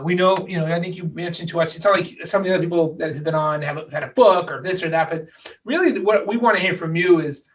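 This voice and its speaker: A man's voice: on the high side, a bit bright. A man hosting a podcast, introducing his guest with rambling, filler-heavy sentences. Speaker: podcast host. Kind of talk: podcast interview. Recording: distant mic with faint music.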